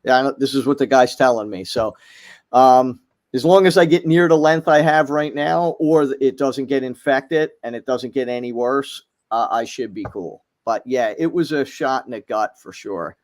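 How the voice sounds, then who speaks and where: A middle-aged man talking as a podcast guest, halting, with many fillers and restarts. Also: medium pitch, a little mellow. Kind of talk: casual chat.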